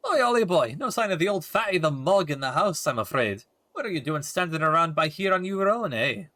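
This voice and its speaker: A cheeky little fairy sidekick from a fantasy game, loud and scolding with lots of slang, as a man acts it out. His voice sits higher and punchier than the man's own, and it is bright and forceful. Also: huge pitch swings, slow pace, husky, dry recording, heavily acted. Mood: brash. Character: cheeky, brash little male fairy companion.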